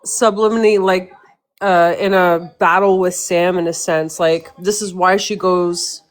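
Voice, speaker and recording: A woman's voice: fairly low pitch, steady tone, measured pace. A woman in casual live-stream chat, talking hesitantly with many fillers and restarts. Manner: hesitant, filler-heavy, agreeing.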